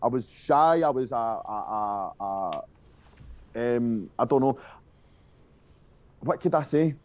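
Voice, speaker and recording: Slow-paced but animated, a young man from Scotland shares school stories in a mid-range, slightly mellow voice. He's a guest musician in a laid-back interview, rambling along with plenty of swearing and fillers.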